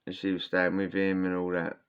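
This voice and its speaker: Low-voiced man telling prison stories. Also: completely flat delivery, fairly quick, smooth. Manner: rambling, slangy, restarts often. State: sore throat, coughing. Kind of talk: casual storytelling. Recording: dull lo-fi sound.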